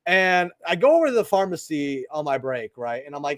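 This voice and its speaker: A man's voice: a little high, big pitch swings, fairly quick, dry recording, clean studio sound. A young man hosting a card-opening video, telling a rambling workplace story in casual chat with lots of asides and "right?" tags. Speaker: channel host opening trading cards.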